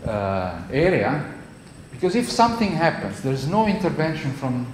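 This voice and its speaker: A man's voice: a little high, very animated, normal speed. A male university professor with an Italian accent giving a classroom lecture, conversational and checking in with the class often. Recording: echoey lecture hall, faint noise.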